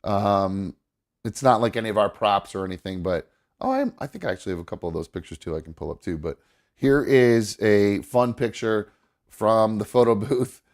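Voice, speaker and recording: A man's voice: fairly low pitch, expressive, moderate pace. A man hosting a casual podcast, rambling with lots of fillers and restarts, sentimental and muttering to himself as he fiddles with his setup. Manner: sentimental, gets choked up. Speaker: podcast host. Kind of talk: casual chat.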